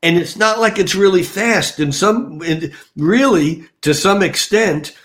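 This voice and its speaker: A man's voice: high-pitched, measured pace, a bit bright. Older man talking astrology, rambling. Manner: rambling, many fillers and restarts. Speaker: astrologer guest. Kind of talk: casual podcast discussion.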